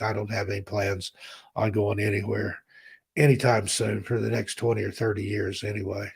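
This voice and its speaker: A man in his fifties from the American South, hosting a casual live stream, chatting warmly and reading out viewers' names. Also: on the low side, level tone, moderate pace, creaky, slightly rough. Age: 50s. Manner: rambling, heartfelt, reads chat names aloud. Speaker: host.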